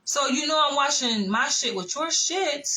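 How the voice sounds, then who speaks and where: A young woman from Florida talks straight into her vlog, blunt and full of profanity. She tells her stories with animated energy. Her voice has a bright, forward ring. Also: high-pitched, moderate pace, a little hiss or hum, poor audio. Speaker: vlogger. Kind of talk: casual chat.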